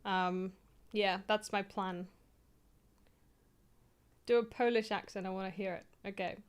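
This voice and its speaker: Her voice is clear and resonant, medium in pitch, steady in tone, and a touch slow. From a little home office, the young streamer meanders through casual live chat, cracking self-deprecating jokes.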